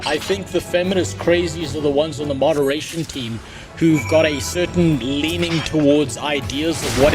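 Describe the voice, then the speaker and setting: A man streaming a game, ranting bluntly and swearing freely in casual chat. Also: fairly high pitch. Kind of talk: casual livestream gameplay chat.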